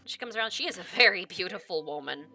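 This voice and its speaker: A woman's voice: lowish voice, animated, quick pace, sharp tone, faint music behind. A woman game master narrating a tabletop game in a casual, descriptive way, full of "like" fillers.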